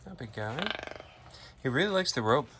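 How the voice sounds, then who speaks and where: A man's voice: medium pitch, expressive, normal speed, noisy background. A man who keeps an animal sanctuary, narrating a casual vlog outdoors, explaining animal care plainly and cooing at the animals.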